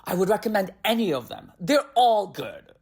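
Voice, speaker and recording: An airy, unbothered waiter who stays casually unhelpful and a little condescending, as a man acts him out in a comedy bit. The voice sits a touch higher than the comic's own and swoops lightly. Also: sing-song, normal speed, darkish tone, heavily acted. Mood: breezy. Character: breezy unhelpful male restaurant waiter.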